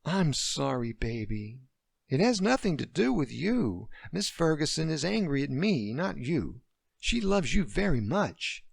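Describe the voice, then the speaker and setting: A weary father speaks softly to comfort his child, as a man reads his part. The voice is gravelly and slow, with lively pitch movement. The sound is close and dry. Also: no echo, full character voice. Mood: tender. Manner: soft and reassuring. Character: gentle, weary widowed father.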